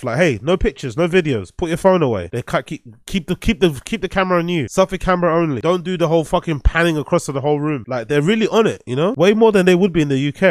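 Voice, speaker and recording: A man's voice: fairly high pitch, no room sound, clean studio sound. A man with a London accent hosting a show, reacting to a clip with loose, laughing commentary, heavy slang and swearing. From England. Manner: laughs a lot, swears freely, street slang. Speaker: show host. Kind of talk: casual commentary over a clip.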